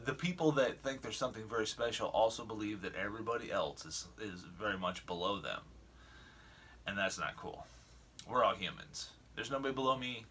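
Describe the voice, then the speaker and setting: Bright-voiced middle-aged man rambling a story. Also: mid-range voice, slightly rough. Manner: rambling with many restarts and chuckles. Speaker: vlogger. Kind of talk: casual storytelling vlog.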